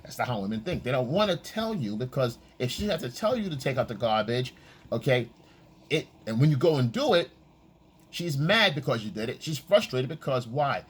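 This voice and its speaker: A man coaching on dating in a casual, profane monologue, acting out quoted lines in a high voice. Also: very animated, normal speed, slightly rough.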